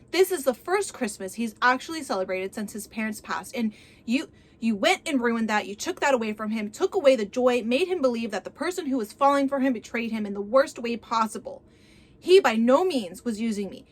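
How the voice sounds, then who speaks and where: A woman's voice: a little high, animated, a little fast. A woman voicing a young woman who insists, pleading and upset, that the man she loves was sincere. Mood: insistent, upset. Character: earnest young woman in love.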